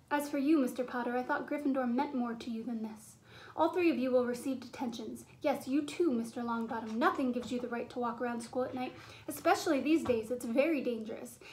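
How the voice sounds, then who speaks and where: A stern older witch professor scolds her students in a high, clipped voice, as a woman reads her part. She is strict and cold, straight from a storybook. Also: a little mellow, lightly acted.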